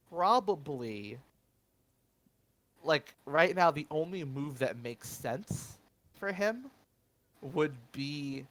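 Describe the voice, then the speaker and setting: A man's voice: medium pitch, a bit bright. Male game master, casual narration, lots of "uh" and "like" restarts. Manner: hesitant, many fillers and restarts.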